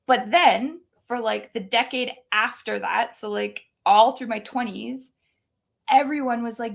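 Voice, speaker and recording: A woman in her thirties, a guest telling stories in a chatty, animated way, full of "like" fillers. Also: a little high, normal speed, vocal fry. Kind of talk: casual storytelling.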